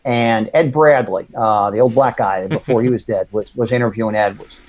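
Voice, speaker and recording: A man's voice: on the low side, normal speed. A man from Louisiana hosting a casual political chat, rambling and wry as he tells stories. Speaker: host. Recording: dull lo-fi stream audio.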